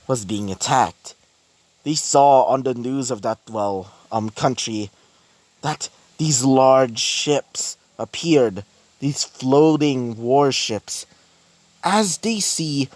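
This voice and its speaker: Slow, halting male storyteller. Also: mid-range voice, dry recording. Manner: halting, many fillers and restarts. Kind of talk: improvised fan-fiction narration.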